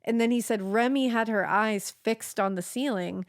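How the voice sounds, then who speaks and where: A woman co-hosting a podcast, telling a true-crime case in a casual, animated way, swearing freely and acting out the quotes. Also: fairly high pitch, moderate pace, no echo, clean studio sound.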